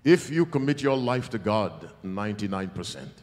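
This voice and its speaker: A male preacher giving a revival sermon, emphatic and teasing, with sudden loud bursts. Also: lowish voice, big pitch swings, normal speed. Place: large church hall. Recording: long church hall reverb.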